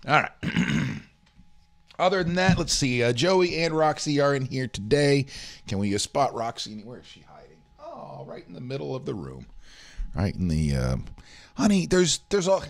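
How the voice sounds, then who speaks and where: A man runs through the day's news in a loose, rambling chat. His pitch swings widely as he reacts to stories. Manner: rambling, rough news rundown full of fillers. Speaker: host. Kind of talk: casual morning news chat show.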